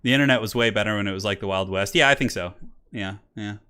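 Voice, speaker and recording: Fairly low in pitch, fast, with a sharp, clean tone, this man hosts and casts a game tournament stream. His casual live commentary is chatty and rambling, punctuated by plenty of laughs, while classical music plays faintly.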